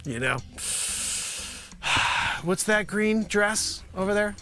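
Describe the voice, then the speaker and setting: A man hosting a live improv comedy show, rambling sarcastically and at times breaking into shouts. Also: sits high, expressive, slow pace, soft background music. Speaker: host.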